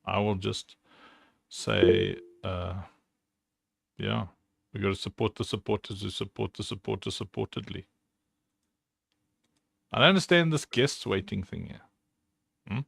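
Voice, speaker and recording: A man's voice: lowish voice, measured pace, gravelly, long pauses, fairly bright tone, slightly rough, no echo. A man hosting a livestream, chatting casually in a rambling, joking way with lots of fillers. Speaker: livestream host.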